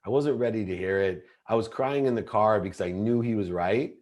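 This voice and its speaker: Earnest, low-voiced man telling his story. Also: fairly quick, darkish tone, highs cut off. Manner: earnest, intense, often restarts mid-sentence. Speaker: podcast guest. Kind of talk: confessional storytelling in an interview.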